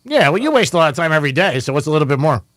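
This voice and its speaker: Male radio host, quick-talking, teasing, dry close studio mic. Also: fairly high pitch, sing-song, a bit bright, no echo. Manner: joking, teasing callers. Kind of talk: casual radio chat.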